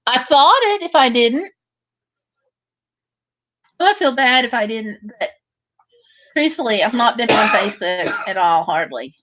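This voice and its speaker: A woman's voice: on the high side, animated, measured pace, pauses often, a bit bright. Chatty woman reading out viewer comments. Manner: chatty, reads out viewer comments and answers them. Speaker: livestream host. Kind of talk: casual livestream chat reading viewer comments.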